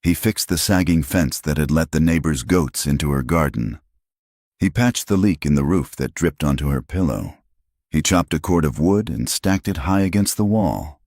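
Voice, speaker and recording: A man narrating a western audiobook in a steady, measured storytelling manner. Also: a bass voice, no room sound, clean studio sound.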